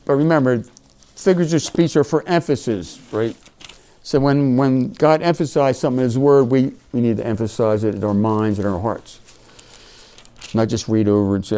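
Male Bible teacher, warm low-key timbre, conversational, leans on key words when reading verses. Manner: conversational, checks in with "right?", reads verses with emphasis. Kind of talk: informal Bible study teaching.

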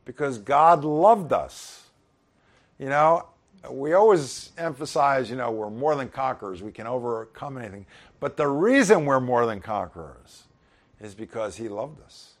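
A man's voice: medium pitch, animated, moderate pace. A middle-aged man giving an informal sermon, conversational with chuckling asides. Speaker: pastor.

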